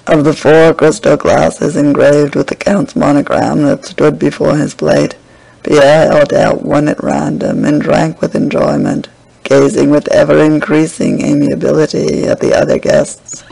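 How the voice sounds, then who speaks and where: A man's voice: a little high, measured pace, creaky, darkish tone, slightly rough, low-quality recording. A man narrating a classic novel as an audiobook reader, reading steadily. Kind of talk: scripted narration.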